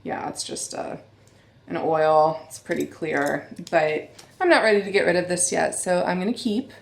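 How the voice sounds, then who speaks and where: A woman in her thirties talks casually and candidly to her viewers, as a beauty vlogger would. Her voice sits a bit low. The room around her is echoey. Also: steady tone, normal speed, gravelly, a little hiss or hum. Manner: chatty, candid, addresses viewers as you guys. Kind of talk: casual chat.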